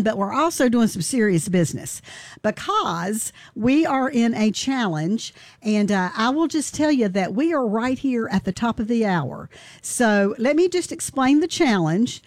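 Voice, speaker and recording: A woman's voice: a little high, dry recording. A woman hosting a radio show in a studio, chatting in a folksy way and laughing easily. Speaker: radio host. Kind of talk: casual on-air chat.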